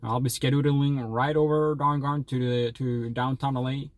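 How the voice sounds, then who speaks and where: A man's voice: mid-range voice, fairly even intonation, normal speed, dry recording, natural voice. A man doing an old Western miner, drawling, folksy, rambling, dry sound.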